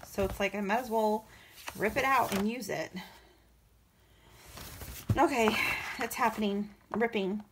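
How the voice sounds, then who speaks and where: A woman's voice: medium pitch, measured pace, pauses often, noisy background. A woman chatting casually while crafting, rambling with many fillers and restarts, getting emotional and breaking into laughs. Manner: emotional, laughing between words. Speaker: crafting vlogger.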